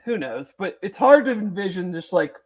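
A sports podcast co-host with a high-sitting, sing-song voice thinks aloud at normal speed in casual sports chat. He hedges and rambles, full of fillers and restarts.

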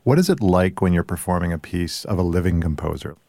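A man interviewing a singer, asking measured and slightly halting questions. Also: low voice, expressive, gravelly, mellow, dry recording.

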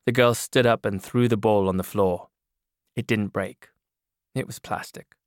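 A man narrating a novel in a measured first-person reading. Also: lowish voice, steady tone, dry recording. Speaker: audiobook narrator. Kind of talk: scripted narration. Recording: dry studio booth.

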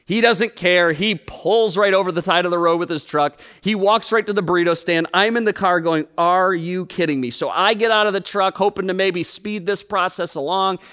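A man, a pastor, preaching a sermon and telling a personal story in an animated way with humorous asides. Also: high voice, moderate pace, hardly any pauses, clean tone. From United States.

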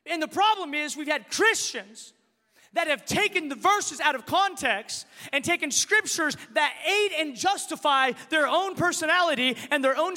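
A man with a very high, bright voice delivers an impassioned sermon in a reverberant church hall. He swings from forceful declarations down to soft, hushed passages. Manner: impassioned preaching, rising and dropping to a hush. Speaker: pastor.

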